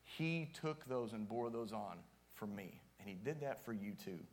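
Guy preaching to his church, loose and jokey, gets loud on the big lines. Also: fairly low pitch, lively intonation, moderate pace. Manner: casual and joking, with strong emphatic rises. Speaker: youth pastor. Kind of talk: sermon.

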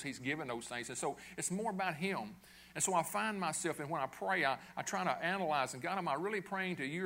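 A man's voice: fairly high pitch, bright, forceful tone. A middle-aged pastor preaching a sermon in a conversational way, asking his listeners questions and checking in with "okay?".

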